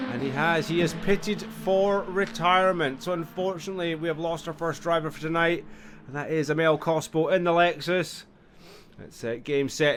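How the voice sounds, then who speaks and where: A man giving live sim racing commentary, chatty and apologetic, tired and yawning, with sudden excited yelps. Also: on the high side, background noise. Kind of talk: live esports race commentary.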